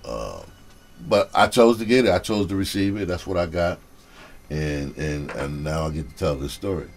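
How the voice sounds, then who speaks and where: A man's voice: low voice, animated, normal speed. A male comedian telling a story in a loose, profane, casual way, often laughing and saying "you know".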